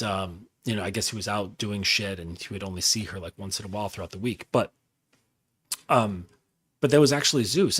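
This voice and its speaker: A man's voice: medium pitch, fairly bright tone, slightly rough. A man giving a casual coaching monologue, talking loosely with lots of fillers and swearing. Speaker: dating and masculinity coach.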